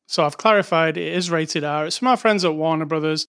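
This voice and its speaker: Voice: mid-range voice, brisk, a bit bright, clear, resonant tone. A podcast co-host in a casual movie review chat, talking with dry, wry teasing.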